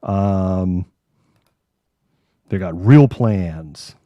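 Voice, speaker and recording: A man's voice: fairly low pitch, measured pace, warm tone, no room sound, clean studio sound. A man hosting a casual live news chat, sardonic and rambling. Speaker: host.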